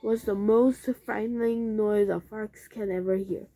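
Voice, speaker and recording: A woman reading a children's book aloud, slowly and carefully, with occasional slips and restarts. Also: medium pitch, fairly even intonation, warm tone, soft background music. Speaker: reader.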